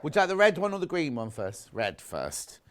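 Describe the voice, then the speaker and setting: Chatty shopping-channel presenter, lively. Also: male voice, on the high side, fairly quick. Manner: chatty, gushing, self-correcting. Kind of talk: live TV sales pitch.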